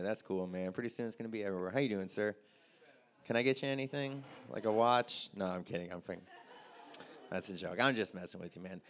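A man's voice: mid-range voice, a bit bright. A young man doing a loose, crude stand-up set and chatting with the crowd. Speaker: stand-up comedian.

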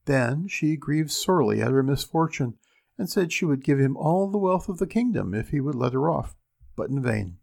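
A man reading classic fairy tales aloud in a steady, unhurried storybook narration. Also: a little high, gravelly.

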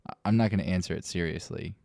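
A man's voice: low voice, fast, creaky, darkish tone, no room sound, clean studio sound. A man co-hosting a casual comedy podcast, rambling with ironic fake emotion and swearing. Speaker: podcast co-host.

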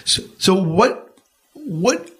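A man's voice: high voice, sing-song, drawn-out words. Man hosting an interview. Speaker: host.

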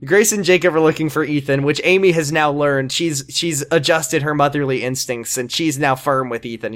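A man's voice: fairly high pitch, normal speed, hardly any pauses, a bit bright. A man co-hosting a podcast, recapping a TV episode in casual chat, sarcastic and swearing, slipping into mocking voices for the characters. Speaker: podcast co-host.

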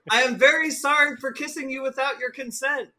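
A man's voice: very high-pitched, steady tone, fairly quick, pushed and bright, pitched above the performer's own voice, full character voice. A man voicing a polite, naive alien heroine. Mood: earnest. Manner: earnest, formal speech.

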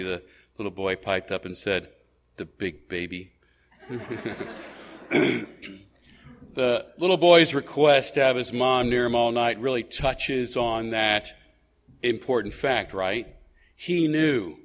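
A man's voice: on the low side, fairly bright tone, slight background noise. Male pastor preaching in a conversational tone. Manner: conversational preaching with rhetorical questions; frequent hesitations and restarts. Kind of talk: sermon.

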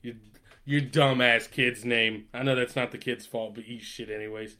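A man's voice: mid-range voice, steady tone, moderate pace, bright, forceful tone. A man in casual chat, ranting with lots of swearing and laughter. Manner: ranting, profane, laughing often.

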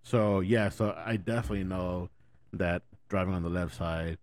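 A man hosts a podcast in a relaxed, conversational way, nodding along and trading travel stories. His voice sits very low. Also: normal speed, no room sound. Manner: relaxed, affirming interviewer. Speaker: podcast host.

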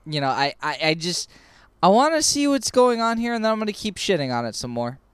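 A man's voice: high-pitched, sing-song, a little fast, clear, resonant tone, no room sound. A man co-hosting a casual podcast, rambling with many restarts and swearing. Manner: rambling, hesitant, profane. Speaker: podcast co-host. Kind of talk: casual chat.

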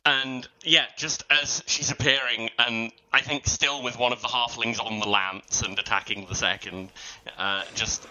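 A man's voice: mid-range voice, fairly even intonation, unhurried, sharp tone, low-quality recording. A man playing a tabletop game, calling out his dice rolls with many hesitant ums. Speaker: player.

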